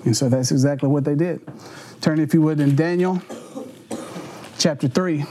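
There's slight background noise as a man preaches a sermon, his fairly high voice at a moderate pace. The pastor tells funny stories, animatedly performing voices and sound effects and laughing often.

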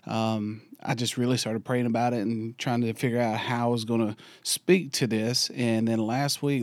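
Hoarse man with a lost voice. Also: mid-range voice, dry recording. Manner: quiet, subdued, unhurried. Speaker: youth pastor. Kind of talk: podcast intro.

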